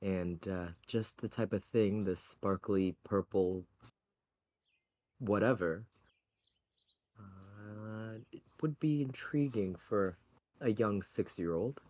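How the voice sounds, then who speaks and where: A man's voice: fairly low pitch, takes it slowly, long pauses, mellow, no room sound. A man voicing a shrewd halfling artificer. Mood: speculating. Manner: thoughtful, speculating. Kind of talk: tabletop role-play.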